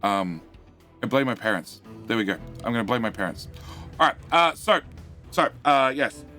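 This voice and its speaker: Bright-voiced, rambling Australian man. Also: mid-range voice, lively intonation, normal speed, soft background music. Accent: Australian, though light. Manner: rambling, self-mocking, reads chat aloud; many fillers and restarts. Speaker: game streamer. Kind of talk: casual live-stream chat.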